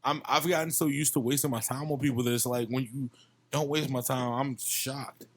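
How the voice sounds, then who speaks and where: A man's voice: medium pitch, fairly even intonation, a little fast. Passionate young man from Virginia, swearing. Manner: passionate, heavy swearing, repeats himself. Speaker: podcast guest, musician. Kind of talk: casual chat.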